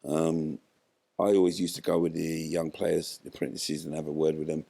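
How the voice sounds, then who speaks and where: With a bass voice and noticeable vocal fry, an older former footballer speaks at normal speed as an interview guest. His storytelling is animated, and he acts out what others said.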